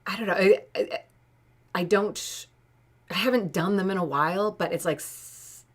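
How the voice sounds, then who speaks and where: A woman's voice: mid-range voice, normal speed. A woman in her late thirties chatting casually and rambling on a live art stream, laughing often. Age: late 30s. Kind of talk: casual live-stream chat while painting.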